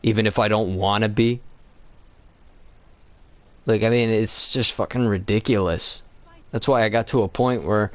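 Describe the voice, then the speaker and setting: A man co-hosting a casual gaming chat, telling stories in a profane, animated way. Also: fairly low pitch, normal speed, pauses often, dry recording. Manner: profane, animated storytelling with voiced quotes. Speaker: co-host gaming with his brother.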